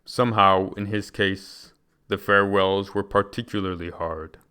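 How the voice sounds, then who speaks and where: Low-voiced man reading aloud, resonant. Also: fairly even intonation, pushed and bright, clean tone. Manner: measured, deliberate reading with occasional restarts. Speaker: reader.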